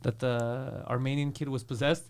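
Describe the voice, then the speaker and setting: A man's voice: mid-range voice, flat delivery, moderate pace, a little mellow. A man co-hosting a casual podcast, telling brash, profane stories about his school days. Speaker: podcast co-host. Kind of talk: casual chat.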